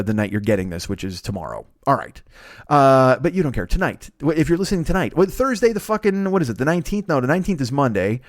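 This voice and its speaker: A man's voice: medium pitch, dry recording, clean studio sound. An American man in his forties hosting a comedy podcast, talking in a rambling, profane, self-correcting way. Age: 40s. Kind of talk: casual rambling monologue.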